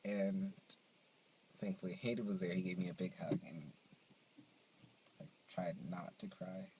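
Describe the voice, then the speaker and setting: A young man chatting to camera in a vlog, telling stories in an animated, playful way, recorded on his phone. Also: low voice, a little slow, a little hiss or hum, rough recording. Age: young adult. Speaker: vlogger. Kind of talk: casual chat to camera.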